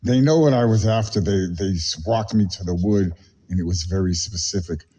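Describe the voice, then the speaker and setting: A man on a confrontational phone call with a company, agitated and rambling, putting on a mock-calm tone. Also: sits low, moderate pace, breathy edge.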